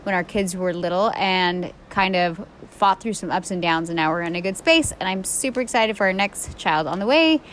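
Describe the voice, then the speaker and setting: A woman in her thirties co-hosting a podcast, telling a story in a chatty, animated way full of "like". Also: on the low side, moderate pace, hardly any pauses, a little hiss or hum. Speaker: podcast co-host. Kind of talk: casual storytelling chat.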